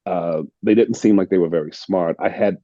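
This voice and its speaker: An older man from the United States, an actor being interviewed, telling stories in a reflective, unhurried way and repeating words as he restarts. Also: deep voice, dark tone, no echo, dull audio. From United States (Illinois). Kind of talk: casual storytelling interview.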